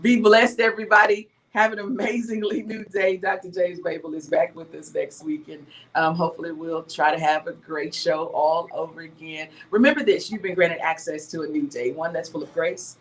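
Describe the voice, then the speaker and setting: A woman's voice: lowish voice, fairly even intonation, normal speed, few pauses, slight background noise. Upbeat Southern woman radio host. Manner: upbeat sign-off, blessing listeners. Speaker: radio morning show host. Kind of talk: casual radio chat.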